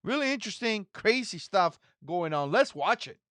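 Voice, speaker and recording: Forty-something guy ranting on his channel, all over the place pitch-wise, dry sound. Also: very animated, moderate pace, fairly bright tone, no room sound. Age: 40s. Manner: indignant, repetitive. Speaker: commentary channel host. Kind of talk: reaction commentary.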